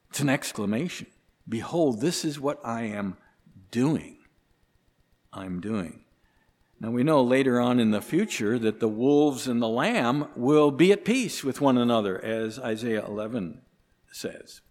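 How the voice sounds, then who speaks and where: Male preacher, mid pitch, unhurried and emphatic sermon delivery, long hall reverb. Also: darkish tone. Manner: slow, deliberate preaching with emphatic rises on key words.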